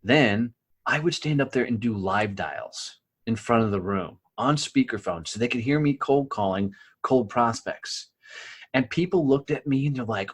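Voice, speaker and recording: Speaking at a medium pitch with lively intonation, he talks a little slowly in a slightly rough voice. He's a middle-aged podcast guest from the rural U.S., spinning blunt, profane stories and frequently asking "right?".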